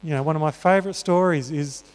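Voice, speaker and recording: Earnest preacher in a ringing hall. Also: male voice, fairly high pitch, fast talker, clear, resonant tone. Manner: earnest, conversational, many fillers. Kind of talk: sermon. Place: church hall. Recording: reverberant church hall.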